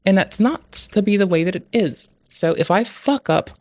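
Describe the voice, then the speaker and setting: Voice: mid-range voice, lively intonation, normal speed, a little mellow, no room sound. A streamer ranting with constant swearing in casual talk on a live stream. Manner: swears constantly, rants angrily.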